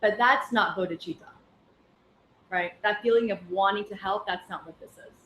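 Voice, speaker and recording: A woman's voice: mid-range voice, fairly bright tone, slight background noise. A woman teaching a Buddhist class in a chatty, anecdotal way full of fillers. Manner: conversational, anecdotal, many fillers. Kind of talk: casual dharma class talk. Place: class room. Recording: echoey room with faint ambience.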